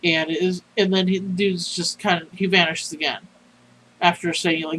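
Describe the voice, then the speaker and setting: A sleepy player casually recapping a tabletop horror game, rambling and halting. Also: mid-range voice, fairly even intonation, fairly bright tone, slight background noise, rough recording. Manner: rambling, halting, filler-heavy.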